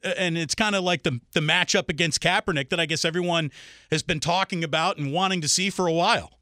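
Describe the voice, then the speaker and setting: Bright-voiced teasing sports radio host. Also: male voice, fairly high pitch, fast, no echo, clean studio sound. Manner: chatty, teasing.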